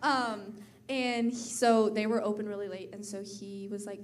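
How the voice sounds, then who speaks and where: A woman's voice: mid-range voice, slight background noise. Bubbly teenage girl telling a story. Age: teens. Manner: bubbly, many likes and quick laughs. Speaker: pastor's daughter. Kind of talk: personal storytelling on stage.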